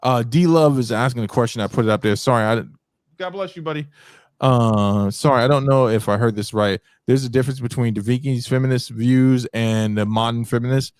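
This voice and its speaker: A man hosting a casual debate talk show, animated, repeating himself and rising in pitch as he makes his points. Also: fairly quick, smooth, dry recording, studio quality. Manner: repeats words often, lots of filler. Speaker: show host.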